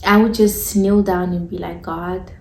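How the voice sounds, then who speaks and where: This esthetician's medium-pitched voice is a little mellow with vocal fry, fairly even intonation and a normal speed. In an echoey room, she recounts her faith testimony in a frank, chatty, informal way.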